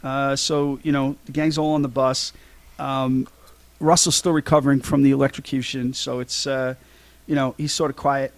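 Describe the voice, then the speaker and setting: A man's voice: medium pitch, flat delivery, normal speed, dry recording. A man co-hosting a podcast, casually recapping a film scene by scene, with lots of ums and restarts. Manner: rambling, many ums and restarts. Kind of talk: casual chat.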